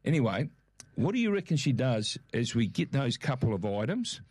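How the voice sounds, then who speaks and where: A middle-aged Australian man chats as a co-host, telling a story with animated, acted-out quotes. The recording is close and dry, with no room sound. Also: medium pitch, moderate pace, husky, no room sound. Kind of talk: casual chat.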